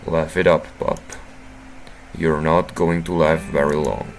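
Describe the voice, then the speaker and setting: Man voicing a gruff, curt werewolf soldier. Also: rumbling low, flat delivery, measured pace, faint music behind, exaggerated voice. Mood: mocking. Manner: curt, sardonic.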